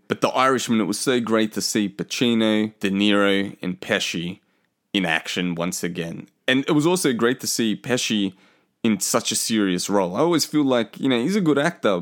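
A young man talks straight to his listeners in a loose, rambling solo show. His voice sits a little low, and he swears freely and pokes fun at himself as he goes. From Australia. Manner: chatty, profane and self-mocking. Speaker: podcast host. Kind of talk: casual solo talk show.

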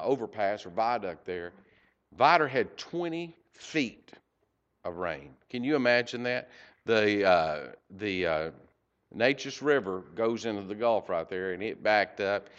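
A man giving a heartfelt report to a church congregation, halting and emotional, with many fillers. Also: medium pitch, a bit bright, lo-fi sound. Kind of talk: storytelling church talk. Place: church sanctuary.

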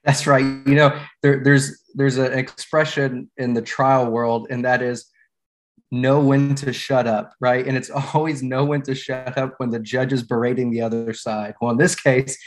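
A man's voice: mid-range voice, moderate pace. A middle-aged man, a former managing partner of a law firm, telling stories in a podcast interview with easy laughs and repeated restarts. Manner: relaxed storyteller, laughs and repeats words.

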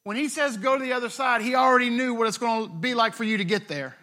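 Male pastor, high and bright voice, chatty sermon delivery with jokey asides. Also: fast talker. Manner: conversational, retells scripture with playful asides.

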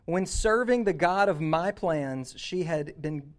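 A man preaching a sermon, telling a story that moves from hushed passages to loud, urgent ones. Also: a little high, lively intonation, slow pace. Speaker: youth pastor.

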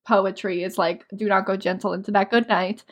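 A woman's voice: medium pitch, fairly even intonation. Young woman co-host, casual book talk, dry sarcastic asides. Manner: sarcastic, quick asides with frequent laughs. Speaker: podcast co-host. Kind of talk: casual book discussion chat.

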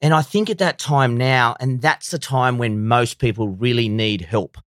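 A man's voice: medium pitch, moderate pace, a bit bright, dry recording, clean studio sound. A man telling his business story in an earnest, confessional way, acting out what others said. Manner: earnest, confessional, acts out quoted voices. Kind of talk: emotional personal storytelling.

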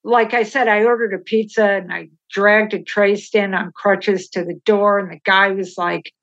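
A woman's voice: medium pitch, moderate pace. Middle-aged woman telling a candid story. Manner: animated, acts out quoted dialogue, laughs while telling. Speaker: podcast guest. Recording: slightly dull, lo-fi sound.

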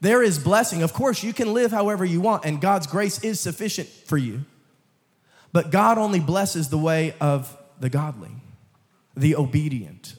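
Young man, sermon, rises to loud emphatic calls, slightly high voice, long church reverb. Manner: swings from low, quiet asides to loud, emphatic calls; jokes with the congregation and laughs. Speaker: guest preacher. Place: church sanctuary.

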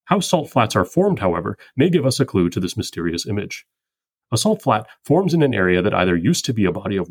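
A man hosting a podcast who reads a scripted poetry analysis in a measured, methodical way. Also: low-pitched, creaky, husky, dry recording, clean studio sound. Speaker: podcast host.

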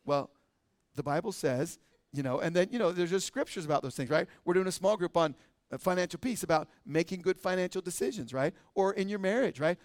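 A man's voice: high-pitched, lively intonation, a little fast, no echo. A middle-aged man with an American accent preaching a sermon as pastor, talking in a conversational way and often checking with "right?".

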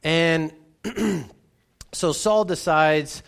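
A man's voice: fairly high pitch, extremely slow, vocal fry, fairly bright tone, clean tone. A man who is a pastor, preaching in a conversational way and often repeating words as he restarts. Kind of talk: sermon with a personal story.

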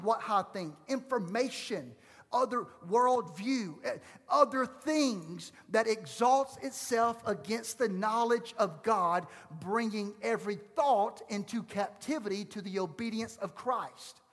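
A man preaching a sermon as pastor, fervent and conversational, swinging between loud exhortation and hushed asides. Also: high-pitched, measured pace. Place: church sanctuary. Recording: long hall reverb.

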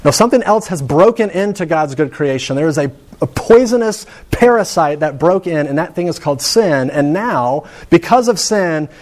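A man's voice: on the high side, animated, a little mellow. Man preaching a conversational sermon. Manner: conversational preaching with rising emphasis and slow dramatic pauses. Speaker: pastor.

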